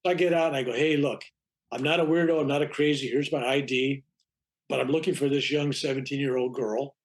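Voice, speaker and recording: An older man who is a reverend tells a long, rambling personal story in an interview, acting out the dialogue and frequently restarting. His mid-range voice is steady and a little fast. It's anecdotal storytelling in conversation.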